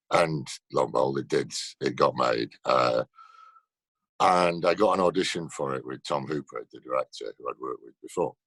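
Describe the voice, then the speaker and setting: A man's voice: a bass voice, gravelly, a bit bright, slightly rough, no echo. A man telling stories in a casual interview over a video call, laughing often. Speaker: actor guest.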